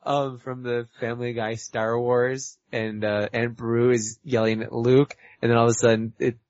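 A man's voice: medium pitch, little pitch movement, moderate pace, a little mellow, no echo. A man playing a tabletop role-play game, talking his plans through at length. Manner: talkative, thinks aloud and plans. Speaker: player. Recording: dull, lo-fi audio.

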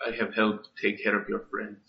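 A man's voice: lowish voice, completely flat delivery, brisk, natural voice. A man voicing a cryptic male spirit who lives in a hero's mind, with a mock Russian accent. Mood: solemn. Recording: roomy, dull lo-fi sound.

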